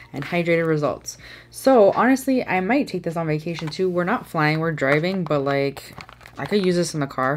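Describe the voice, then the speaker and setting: A young American woman vlogging a product unboxing, excitable and gushing, reading the product blurbs aloud. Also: lowish voice. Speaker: beauty vlogger.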